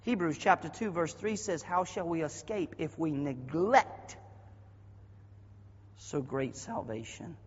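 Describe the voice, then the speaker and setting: A high-voiced, husky Southern American man preaching a sermon from the pulpit. He swings from quiet, conversational asides into loud, shouted bursts. The sound is dull and carries a long church-hall reverb. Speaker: pastor. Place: church sanctuary.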